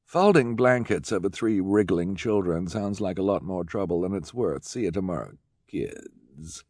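A man's voice: sits low, normal speed, a little mellow, no room sound, clean studio sound. A man voicing a vain, fashion-obsessed rich woman in an audiobook, with a drawling, affected manner. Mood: airy, vain.

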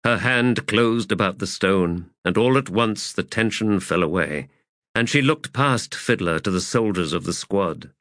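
Slow expressive male audiobook narrator. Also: fairly low pitch, dry recording, studio quality. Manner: measured, expressive reading. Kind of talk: scripted fantasy narration.

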